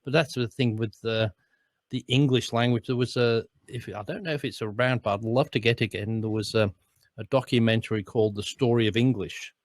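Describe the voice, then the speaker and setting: A man's voice: medium pitch, steady tone, fairly quick, no room sound. A man with an Australian accent, co-hosting a casual chat and rambling through stories with frequent restarts. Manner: rambling, restarts often, chuckles while explaining. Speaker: co-host, voice-over artist.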